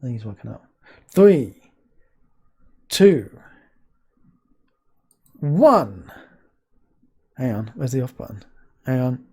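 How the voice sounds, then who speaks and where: A man hosting a casual live stream, talking to a guest and chat, laughing often and breaking into sudden high yelps. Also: very animated, slow, pauses often, darkish tone, slightly rough. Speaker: streamer host.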